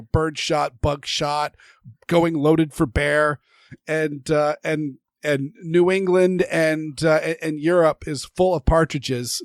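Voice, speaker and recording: A man's voice: fairly high pitch, dry recording, clean studio sound. A man hosting a podcast in casual chat, rambling with many restarts and stammers. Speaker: podcast host.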